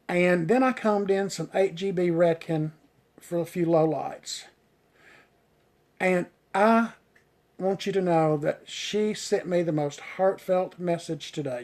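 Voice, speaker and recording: Speaking in a high, somewhat bright voice, a male hairstylist answers viewer comments during a relaxed live stream. He's enthusiastic and rambling, full of "you know" fillers, and stumbles over hard words.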